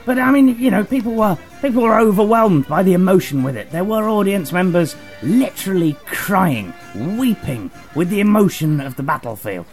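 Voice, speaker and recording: Pompous gravelly man. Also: high-pitched, lively intonation, moderate pace, hardly any pauses, faint music behind. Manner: pompous, self-important. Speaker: actor character. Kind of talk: comedy sketch.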